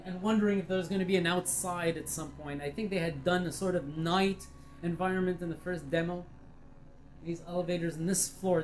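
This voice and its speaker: A woman's voice: lowish voice, a little mellow, slight background noise, low-quality recording. A woman giving casual, enthusiastic commentary while playing a virtual reality game, chatty and swearing freely. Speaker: VR game reviewer.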